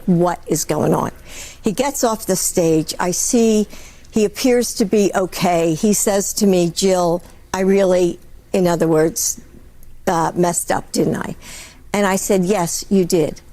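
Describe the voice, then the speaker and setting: A woman's voice: fairly low pitch, a little mellow. An older woman giving a sit-down interview, earnestly recounting and defending what she did. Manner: earnest, explains herself in recounted dialogue. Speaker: interview guest, former first lady.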